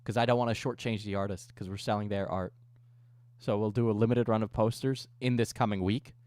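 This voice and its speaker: A man's voice: lowish voice, steady tone, brisk, darkish tone, no echo. A man livestreaming, chatting casually with viewers, joking, ranting and swearing often. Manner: profane, joking rants with frequent laughter. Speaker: coffee business owner.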